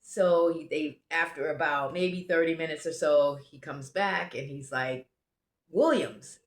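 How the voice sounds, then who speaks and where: An American woman, a travel vlogger, tells a travel story in a low, steady, unhurried voice. She rambles casually, interrupting herself and restarting sentences often, and the recording has a roomy echo.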